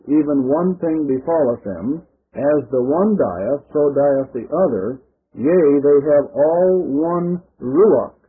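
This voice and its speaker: A man preaching on the radio, reading scripture slowly and deliberately and explaining it to listeners. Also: on the high side, husky. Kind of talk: radio Bible teaching. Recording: tinny phone-like old radio broadcast.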